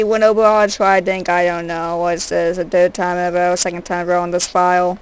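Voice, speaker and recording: A woman's voice: fairly low pitch, steady tone, moderate pace, poor audio. A woman groaning, whining and being sarcastic while streaming a handheld game at home. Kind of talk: live game stream commentary. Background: faint game music.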